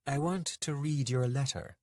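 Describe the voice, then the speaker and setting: A man reading a tearful witch woman in an audiobook, with a soft, pleading manner. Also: mid-range voice, unhurried, no echo, clean studio sound, voice pushed up, natural voice.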